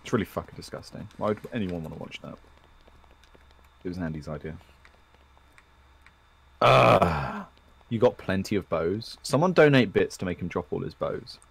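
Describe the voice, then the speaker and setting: A man's voice: sits low, expressive, moderate pace, creaky, pauses often, breathy edge, dry recording. A British man streaming a game, trading sweary, mock-grumpy banter with a friend. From Britain. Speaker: gaming streamer. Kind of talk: casual banter while playing.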